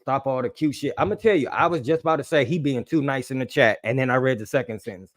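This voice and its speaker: A man hosting a casual sports podcast, reading live chat aloud and joking, with big swings between loud and soft. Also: mid-range voice, fast talker, no room sound, clean studio sound. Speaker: podcast host.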